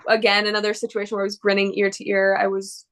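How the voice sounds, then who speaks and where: A woman's voice: medium pitch, monotone, quick pace, a bit bright. A woman actress answering interview questions in a casual, rambling and gushing way, full of fillers. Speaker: actress guest.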